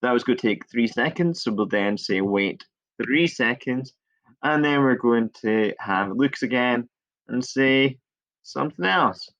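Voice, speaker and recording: A male teacher walking through a coding tutorial step by step, chatty and relaxed, shrugging off his own small mistakes. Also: medium pitch, a little slow. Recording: dull lo-fi screen recording.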